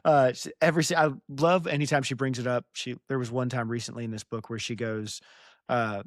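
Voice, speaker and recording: A man's voice: mid-range voice, fairly even intonation, fairly quick, dry recording, clean studio sound. A young American man hosting a podcast, recapping chapters in a rambling, self-deprecating way and laughing easily. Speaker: podcast host. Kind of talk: casual recap chat.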